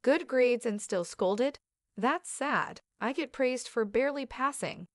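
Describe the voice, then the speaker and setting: A woman's voice: fairly high pitch, unhurried, dry recording, studio quality, voice pushed up, lightly acted. A woman voicing a smug teenage younger sister who mocks with fake concern. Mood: mocking. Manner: sneering, falsely concerned.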